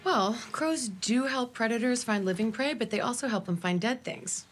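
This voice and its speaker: A woman voicing a patient mother in a cartoon, gently explaining things. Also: a little high, normal speed, faint music behind, natural voice. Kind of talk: cartoon voice acting.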